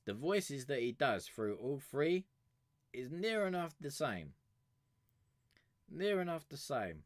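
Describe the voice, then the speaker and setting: A man's voice: fairly low pitch, fairly bright tone, no room sound. A young man chatting casually on a live stream, rambling and swearing freely as he talks to viewers. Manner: rambling, swears freely, chuckles between thoughts. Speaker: music review streamer.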